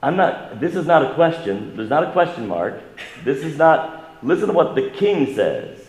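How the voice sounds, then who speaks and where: A man preaching a sermon to his congregation in a conversational way, asking them questions and building up in pitch and volume for emphasis. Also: big pitch swings, normal speed, a little mellow. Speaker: pastor. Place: church sanctuary. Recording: echoey church hall.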